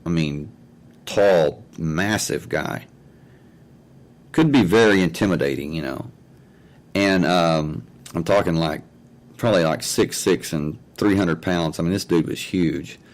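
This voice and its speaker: A man's voice: low-pitched, a little slow, low-quality recording. A man hosting his own talk show, telling a story in a rambling way and repeating "I said" and "he says" over and over. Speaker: host of an online talk show. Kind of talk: casual spoken storytelling. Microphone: own mic and mixer setup at home.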